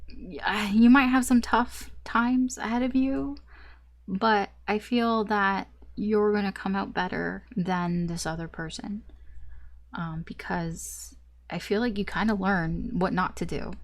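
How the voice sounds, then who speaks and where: A woman's voice: medium pitch, fairly even intonation, takes it slowly, no room sound. A woman tarot reader talking through a casual, rambling reading, often laughing at herself.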